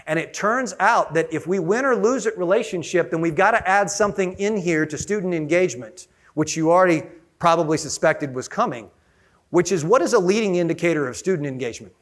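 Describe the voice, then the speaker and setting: A man giving an energetic conference keynote, often asking the audience questions. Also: high voice, fairly quick. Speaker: conference speaker.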